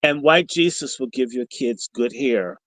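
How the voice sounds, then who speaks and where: A man's voice: medium pitch, unhurried, no room sound, poor audio. Profane, combative middle-aged man telling a story. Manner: animated storyteller. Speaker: podcast host. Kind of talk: storytelling monologue on a livestream.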